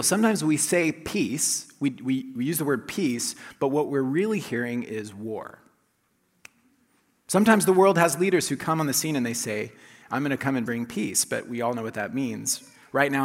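Casting: male pastor, mid-pitched voice, relaxed storytelling sermon, big church with long echo. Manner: conversational and self-deprecating, with restarts and laughs. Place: church sanctuary. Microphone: handheld or lapel mic, checked aloud. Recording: long reverb of a large hall.

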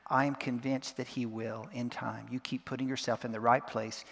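Gravelly-voiced man preaching in a reverberant hall. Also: mid-range voice, little pitch movement. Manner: earnest, repeats verses slowly word by word. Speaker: pastor. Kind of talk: sermon. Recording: long reverb of a large hall.

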